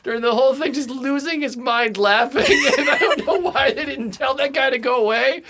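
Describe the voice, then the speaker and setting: A man co-hosting a podcast, talking in a rambling, animated way and laughing often. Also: very high voice, a little fast, heavy background noise. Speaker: podcast co-host. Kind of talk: casual chat.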